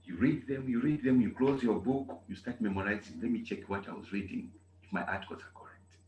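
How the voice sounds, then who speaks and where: A man from Zambia, teaching a German class in an animated way and repeating key phrases. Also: lowish voice, brisk. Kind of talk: online class lecture. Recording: echoey room with faint noise.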